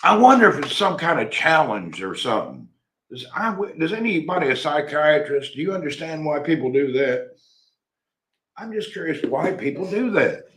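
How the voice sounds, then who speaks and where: A man's voice: a little high, very animated, moderate pace, fairly bright tone. Man in his middle years, folksy livestream host, loose rambling delivery, roomy sound. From Tennessee, USA. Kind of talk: casual live chat reading comments.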